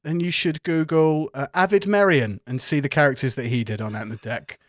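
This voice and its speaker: A man from the UK, narrating as game master with an animated, joking manner. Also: fairly high pitch, a little fast, no echo, studio quality. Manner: animated, joking, swears casually.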